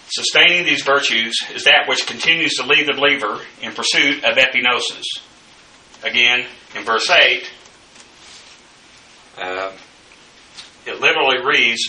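A man teaching the Bible verse by verse, in a slow, deliberate lecturing manner with frequent fillers. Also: medium pitch, bright, forceful tone. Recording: echoey room, mic at a distance.

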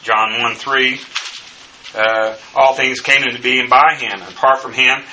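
A man teaching a bible study lecture, working through numbered notes and pausing often on filler sounds. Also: mid-range voice, fairly even intonation, bright, forceful tone. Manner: halting, many filler uhs. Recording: distant mic with faint background noise.

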